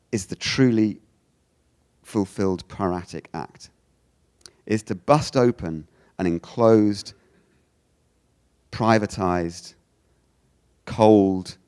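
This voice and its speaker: A British man with a low-sitting voice gives an animated lecture. He often restarts his sentences and acts out the lines he quotes.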